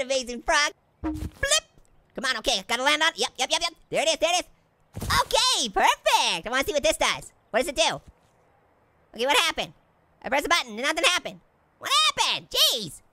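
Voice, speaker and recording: Heavily acted and high-pitched, a performer plays a gleeful talking orange, a goofy cartoon prankster who giggles and cracks jokes constantly during excited let's-play game commentary. The background is noisy.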